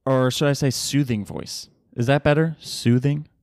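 A man's voice: medium pitch, fairly even intonation, normal speed, darkish tone, dry recording, studio quality. A young man hosting a casual solo podcast, rambling with swearing and frequent laughter, recorded at home on a podcast mic. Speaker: podcast host. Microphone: podcast microphone.

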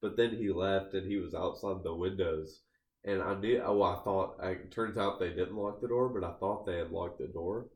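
A man with a lowish voice tells a story in loose, casual podcast chat. He rambles, restarts sentences and fills his speech with "like" and "uh." The room around him is noticeably echoey. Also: moderate pace, darkish tone. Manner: rambling, heavy use of "like" fillers, restarts mid-sentence. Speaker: podcast co-host.

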